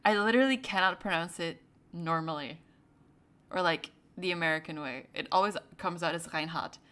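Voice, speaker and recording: A young woman streamer chatting casually with her viewers, laughing often and trailing into quick asides. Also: on the low side, pushed and bright.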